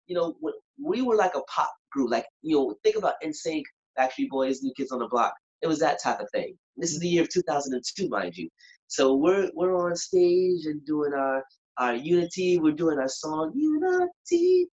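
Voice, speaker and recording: A singer and performer telling a story in a lively, animated way, acting out moments and humming bits of songs. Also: male voice, on the high side. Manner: animated, acts out moments, sings snippets. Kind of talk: casual storytelling. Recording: dull lo-fi sound.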